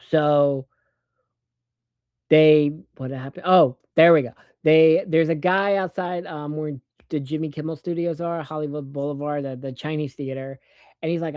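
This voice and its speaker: With a dark-toned, medium-pitched voice and no echo, this person rambles through a movie plot full of swearing and sarcasm. Characters' lines get acted out in fast, put-on voices.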